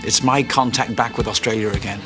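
A man being interviewed, telling stories about his past in a reflective, unhurried way. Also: on the low side, steady tone, music in the background. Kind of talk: reminiscing interview.

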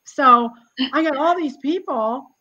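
Brief: sixties woman, genealogist guest, lively storyteller, slightly high voice, lo-fi call audio. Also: measured pace, slight background noise. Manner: lively, chatty, laughs often. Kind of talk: casual storytelling conversation.

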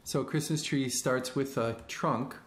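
A man's voice: mid-range voice, unhurried, reverberant. A man chatting patiently and encouragingly with his young daughter while they draw together at home. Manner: patient, gentle and encouraging, often soft-spoken. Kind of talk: casual chat with a small child. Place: home computer room.

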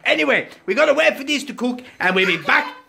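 A man hosting a playful home cooking video with his children, boisterous and given to shouted catchphrases. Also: very high-pitched, lively intonation, fast talker, gravelly, crowd noise. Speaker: home cooking show host and dad. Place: home kitchen, indoors.

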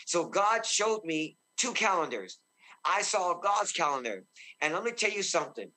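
Bright-voiced fervent male preacher. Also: very animated. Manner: fervent, shouting praise exclamations; slows and deepens when quoting God. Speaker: guest minister. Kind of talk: excited preaching in a talk show interview.

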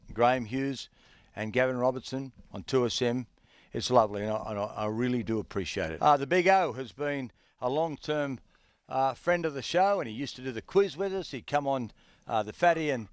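A middle-aged man with an Australian accent hosting a sports radio show, talking haltingly with many fillers and restarts. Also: medium pitch, clear, resonant tone, no room sound, studio quality.

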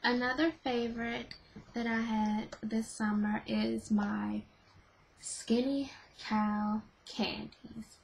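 A woman's voice: fairly high pitch, fairly even intonation, slow, creaky, slightly rough, poor audio. A woman casually reviewing her favorite beauty and snack products for her vlog, gushing and repeating her praise. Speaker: beauty vlogger.

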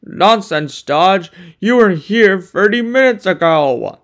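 A pompous, boastful big male steam engine, as a performer puts him on for a fan-made cartoon. He talks slowly and grandly, lowering his voice to sound important. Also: lively intonation. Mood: smug. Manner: pompous and gloating, turns to panicked yelling. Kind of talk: fan-made animated series voice acting.

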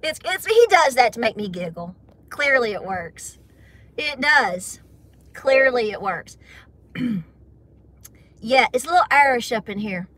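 A woman's voice: on the high side, lively intonation, unhurried, pauses often, a bit bright. A middle-aged woman with an Appalachian Southern accent, chatting and giggling casually with viewers on her homestead livestream. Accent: Southern American, Appalachian.

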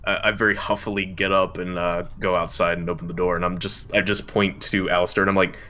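Low-voiced man playing a tabletop game. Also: flat delivery, fast, hardly any pauses, pushed and bright, slight background noise. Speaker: player. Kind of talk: casual tabletop role-play.

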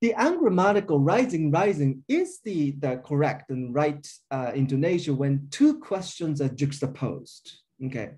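A man with as his delivers an academic linguistics lecture in a mellow, slightly raised voice. His pitch rises and falls a lot as he explains each point step by step. He fills his pauses with frequent uh and um. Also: very animated. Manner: explanatory, thinking aloud with frequent uh and um.

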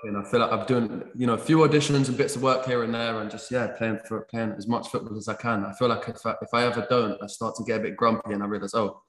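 A young man talks casually as an interview guest. His voice sits low, and his speech is halting, full of repeats and restarts. The sound is roomy, with a noticeable echo. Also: steady tone. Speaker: actor and producer, interview guest.

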